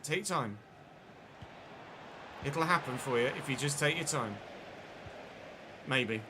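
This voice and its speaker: Streaming a football video game, a man gives live play-by-play at a slow pace in a medium-pitched, lively voice. He swears often and has frustrated outbursts, with a noisy background behind him.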